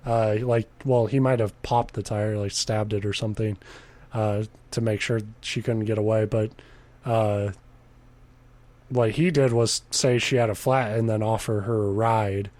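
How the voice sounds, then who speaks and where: Podcast guy reading a creepypasta out loud, keeps laughing and goofing on it, casual chat. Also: fairly low pitch, steady tone, unhurried. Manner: jokey, laughs often, mock voices when quoting.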